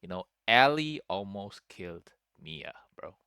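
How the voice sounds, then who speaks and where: A commentator casually reacting to a clip in an animated way, drawn out and dramatic. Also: deep voice, a little slow, crowd noise.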